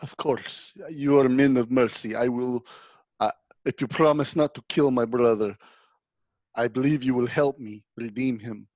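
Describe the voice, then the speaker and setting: A man voicing a remorseful, frightened village man who pleads in halting bursts, in a tabletop role-play. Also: medium pitch, steady tone, a little mellow, dry recording, highs cut off, close to an everyday voice. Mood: humble.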